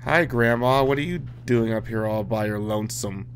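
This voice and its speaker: Male gamer, lowish voice, wisecracking let's play commentary, quiet hiss behind. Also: moderate pace. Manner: joking, swearing, talking to the game characters.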